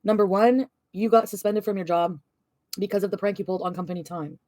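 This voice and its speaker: A woman's voice: medium pitch, fairly even intonation, quick pace, mellow, dry recording, studio quality. A woman vlogger venting and ranting, swearing often and rambling. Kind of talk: ranting vlog.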